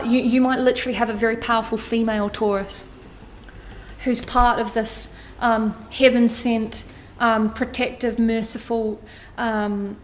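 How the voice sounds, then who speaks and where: A woman giving a tarot reading to her viewers, earnest and emotional, often repeating her phrases and swearing casually. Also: fairly high pitch. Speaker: tarot card reader. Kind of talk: astrology tarot reading monologue.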